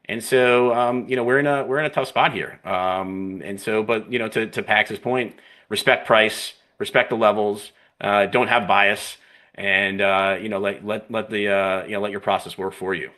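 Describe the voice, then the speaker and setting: A man gives market analysis during a live trading stream. He talks fluently and analytically, often tagging his phrases with "right?" and "you know." His voice sits low but has a bright, crisp edge. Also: steady tone, normal speed.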